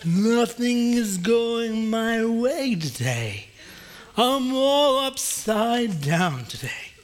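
A man voicing a frustrated male turtle stuck on its back, speaking in a slow, drawn-out whine. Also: very high voice, expressive, exaggerated voice.

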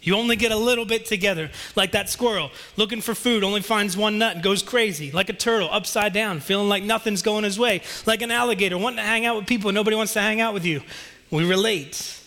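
A man's voice: sits high, quick pace, bright, forceful tone. A man telling a children's story to a congregation and then preaching, with a playful, self-deprecating manner.

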